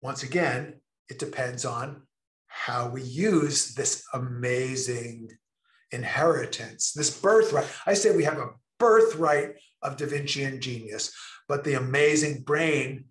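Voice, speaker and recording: Slow, emphatic man presenting. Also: medium pitch, roomy sound. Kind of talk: online presentation.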